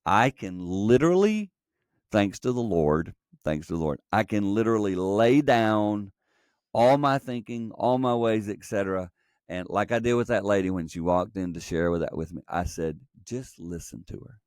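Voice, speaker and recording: A man's voice: lowish voice, expressive, moderate pace, a little mellow, no room sound, clean studio sound. A middle-aged man telling a personal story earnestly, acting out quoted dialogue, as a podcast guest. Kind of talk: conversational storytelling.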